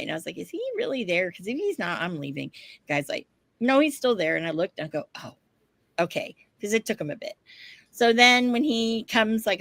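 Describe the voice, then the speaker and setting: A woman co-hosting a podcast, telling a story in casual chat, animated, laughing often and swearing casually. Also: fairly low pitch, no room sound. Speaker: podcast co-host.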